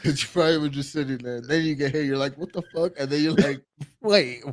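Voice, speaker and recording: A man's voice: mid-range voice, fairly even intonation, quick pace, dry recording. A man guesting on a live stream, telling stories in a loose, rambling way full of fillers. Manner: rambling, filler-heavy storytelling. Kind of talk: casual live-stream chat.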